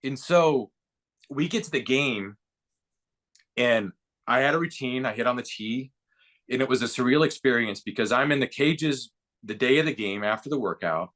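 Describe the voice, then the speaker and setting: A man in his fifties, a baseball broadcaster and former player, tells stories as a podcast guest, acting out quotes with growing excitement. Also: medium pitch, moderate pace. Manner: lively anecdote-telling with voiced quotes and rising excitement. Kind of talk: casual storytelling interview.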